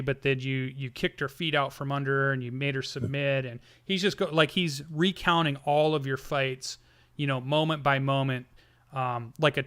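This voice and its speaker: Bright-voiced man narrating a tabletop game. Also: medium pitch. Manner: rambling, animated, many restarts. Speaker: game master.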